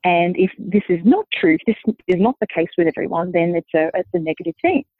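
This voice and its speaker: Australian-accented woman guest, explanatory and measured, tinny call audio. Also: lowish voice, lively intonation, no echo. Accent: Australian, softened. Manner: measured, explanatory, thinks aloud. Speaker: linguist guest. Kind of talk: conversational interview answer. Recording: dry tinny phone-like line.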